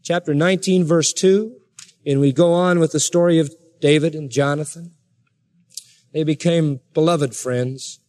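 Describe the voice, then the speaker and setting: A man's voice: on the high side, moderate pace, a little mellow. A man preaching a sermon, reading scripture aloud and rising sharply in emphatic indignation. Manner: reads scripture aloud in King James wording.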